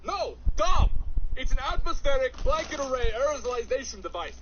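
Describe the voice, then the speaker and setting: A man voicing a frantic, conspiracy-minded billionaire with a put-on South African accent, scolding and shouting. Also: high-pitched, moderate pace, close to an everyday voice. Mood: ranting. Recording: muffled, noisy recording.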